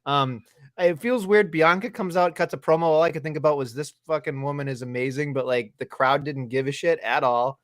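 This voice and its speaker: A man's voice: fairly high pitch, brisk, dry recording. A man co-hosting a casual wrestling podcast, ranting with exasperated, profane energy. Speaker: podcast co-host.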